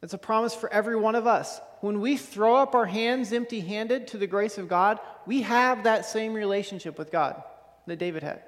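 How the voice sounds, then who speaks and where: Man, high voice, earnest sermon, long hall reverb. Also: normal speed. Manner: earnest, repeats words and asks "okay?". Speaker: pastor.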